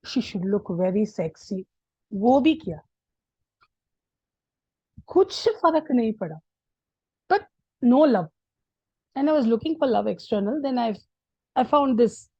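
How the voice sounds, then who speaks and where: Woman, Indian English accent, animated storyteller, warm mellow tone, dry muffled sound. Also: a little high, brisk, long pauses, husky, no room sound. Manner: animated, acts out quoted people. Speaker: guest. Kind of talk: personal storytelling.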